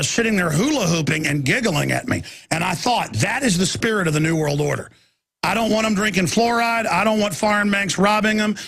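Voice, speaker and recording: Casting: husky, gravelly talk radio host in his forties, rambling storyteller with mocking impressions. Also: a bit bright. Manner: mimics mocking voices in high squeals.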